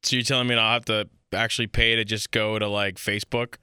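A man's voice: on the low side, flat delivery, fast, bright, forceful tone, smooth, no echo, clean studio sound. A young man co-hosting a podcast, reacting with short, playful remarks and teasing. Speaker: podcast co-host. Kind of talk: casual chat.

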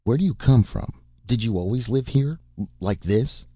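A man's voice: mid-range voice, animated, moderate pace, mellow, husky, no echo, muffled recording, voice pushed up. A captive stranger, urgent and questioning, read by a man. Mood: curious. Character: resourceful captive man, a stranger among slaves.

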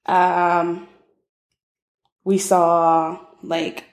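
A woman's voice: fairly low pitch, little pitch movement, very slow, reverberant. A woman from Ohio, co-hosting a podcast in a casual, teasing manner. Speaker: podcast co-host. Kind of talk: casual chat.

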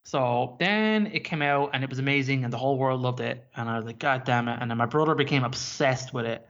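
A man's voice: mid-range voice, brisk, fairly bright tone. A man co-hosting a podcast in a casual, rambling chat that is peppered with swearing. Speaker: podcast co-host. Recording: dull lo-fi podcast audio.

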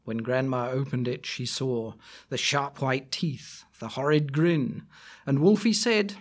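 A man reading a rhyming story aloud, slow and expressive. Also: mid-range voice. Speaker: reader.

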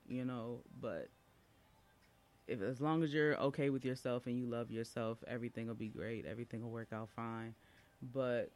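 A man talks casually into a podcast mic. He speaks at a middle pitch, chatty and open, wandering through asides and fillers as he tells his own story. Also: a little mellow.

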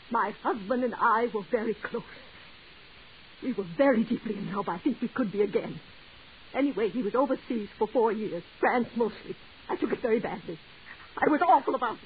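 An actress playing a jealous, desperate wife who pleads in a breathless, overwrought way, in 1940s radio acting style. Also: female voice, fairly high pitch. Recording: tinny old radio broadcast with hiss.

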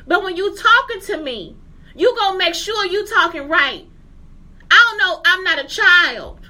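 A woman in her forties vents in a furious, profanity-laden rant straight to her audience. Her voice sits extremely high and cuts with a piercing, tense edge. She keeps pressing listeners with rhetorical checks that they follow her. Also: animated, a little slow, bright, forceful tone. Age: 40s. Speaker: teacher. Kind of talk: angry rant to camera.

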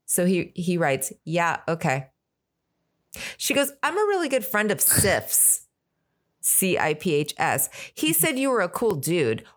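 Chatty woman retelling gossip. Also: low-pitched. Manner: retells text messages in animated voices. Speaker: podcast co-host. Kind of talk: casual gossip chat.

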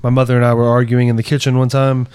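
A young man from Tennessee, chatting casually on a podcast and telling profane, animated stories. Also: mid-range voice, fast, clean tone, dry recording. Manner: profane storyteller, animated retelling. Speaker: podcast co-host. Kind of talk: casual chat.

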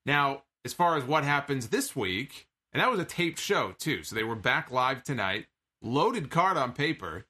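A man talks through a wrestling show in a loose, opinionated podcast recap. His voice is bright and forward, sitting at an ordinary middle pitch. He speaks conversationally and often quotes lines from the show. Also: sing-song, measured pace, slightly rough. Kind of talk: casual show recap commentary.

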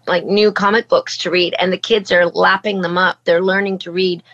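A woman's voice: fairly low pitch, flat delivery, normal speed, fairly bright tone. A middle-aged woman from Canada, a voice actor and former politician, talking earnestly and reflectively as an interview guest, with frequent restarts. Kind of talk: casual interview talk. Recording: slightly dull lo-fi sound.

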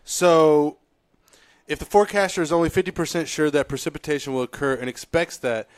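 Higher-voiced rambling male co-host. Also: a little fast, clear, resonant tone, dry recording. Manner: rambling, excitable, full of fillers. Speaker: radio show co-host. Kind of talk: casual studio banter.

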